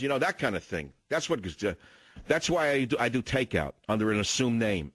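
Ranting older talk radio host. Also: male voice, mid-range voice, very animated, brisk, fairly bright tone, no room sound. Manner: ranting, indignant storytelling.

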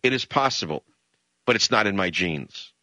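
An older man from the Bronx delivers an impassioned talk-radio monologue. His low voice has a hard, forceful edge, and the sound is dry and close with no room around it. He leans into emphatic, ranting stretches and jumps up high to mock. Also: lively intonation, moderate pace, dry recording. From the Bronx, New York. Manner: emphatic, ranting, swings into high mocking outbursts.

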